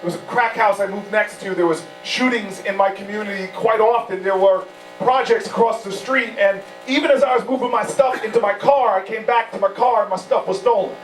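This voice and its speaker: A political candidate with a high voice speaks a little fast, faint music behind him, as he gives a campaign speech to supporters at an indoor event. He tells stories using impassioned, repeated rhetorical phrases. The room recording is echoey, distant and humming.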